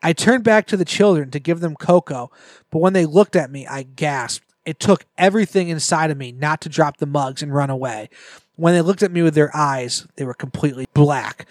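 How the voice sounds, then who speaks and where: A man's voice: a little high, moderate pace, dry recording. A man on a podcast reading a scary story aloud and breaking off for joking asides. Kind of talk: casual storytelling read-aloud with banter.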